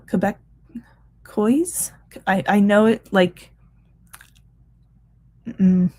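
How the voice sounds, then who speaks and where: A woman's voice: medium pitch, a little mellow. A woman in her thirties hosting a reading livestream, chatting casually and reading out comments, tired and full of ums and restarts. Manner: chatty, many ums and restarts, laughs often. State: tired, yawning. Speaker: reading sprint livestream host.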